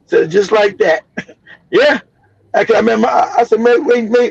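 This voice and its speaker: Host, man, 50s, from the US. Raspy high voice, profane, animated storyteller. Dry, dull stream mic. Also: a little fast, no room sound. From United States. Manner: cackling laughs, profane and animated.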